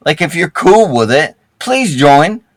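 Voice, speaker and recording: A man's voice: on the high side, sing-song, measured pace, dry recording, poor audio. A man in a gaming group voice chat who rambles and restarts a lot and swears heavily as he argues. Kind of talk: heated casual voice-chat argument.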